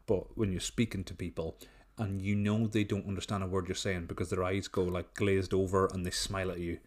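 A man's voice: low-pitched, level tone, fairly quick. A man with an Irish accent co-hosting a casual film chat, blunt and laid-back with plenty of swearing. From Ireland. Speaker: podcast co-host.

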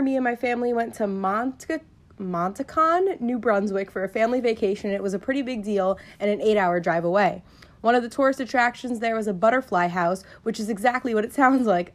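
Lively young woman telling stories. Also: a little high. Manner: animated, laughing storyteller. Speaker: podcast co-host. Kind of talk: casual podcast chat and storytelling.

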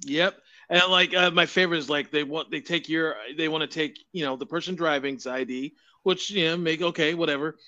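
A man who chimes in as co-host, mostly with short agreements and quick asides. His voice is bright and a little high, heard through a dull, lo-fi recording. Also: fairly even intonation. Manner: brief agreeing interjections. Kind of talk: casual chat.

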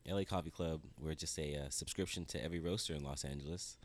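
A man's voice: extremely low pitch, fast talker. A man chatting casually as a guest on a podcast, hesitant and full of fillers while he plays a game. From America. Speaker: guest, coffee business owner.

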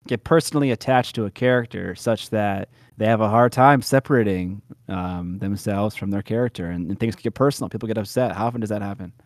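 A man's voice: on the low side, brisk, hardly any pauses, no room sound, clean studio sound. A man chatting casually about tabletop and miniature war games, laid-back and jokey. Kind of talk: casual conversation.

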